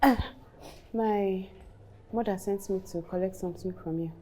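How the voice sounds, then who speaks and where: A woman's voice: mid-range voice, normal speed, warm tone, a little hiss or hum, lightly acted. A woman with a Nigerian accent playing a poor young orphan girl who begs and pleads. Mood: pleading. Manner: pleading, begging.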